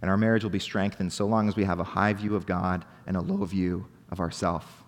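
A young adult man preaching a sermon as pastor, earnest, with rhetorical questions, dropping to hushed tones and rising to emphatic points. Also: deep voice, flat delivery, fairly quick. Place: church hall. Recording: long hall reverb.

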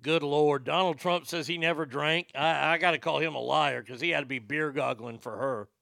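A man's voice: fairly high pitch, moderate pace, gravelly, a bit bright, no room sound. An older man giving heated, profane and sarcastic political commentary.

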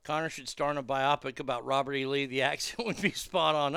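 A man giving blunt, profane, unscripted commentary, with loud excited reactions while watching video clips. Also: medium pitch, brisk, vocal fry, hardly any pauses, clear, resonant tone, no echo, clean studio sound.

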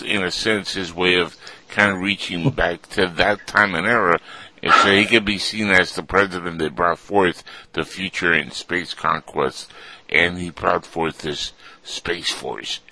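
A man with a sore throat co-hosting a radio talk show, giving his opinion in a drawn-out, emphatic way. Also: low voice, pushed and bright, poor audio.

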